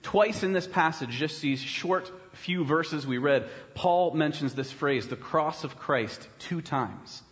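A pastor preaching a sermon in a conversational way, often checking in with rhetorical questions. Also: male voice, fairly high pitch, slow pace, hardly any pauses, big-room sound. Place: church.

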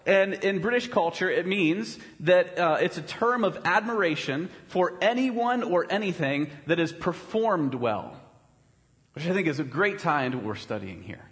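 A pastor preaching a sermon in a conversational way, often checking in with rhetorical questions. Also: male voice, a little high, a bit bright, big-room sound. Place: church.

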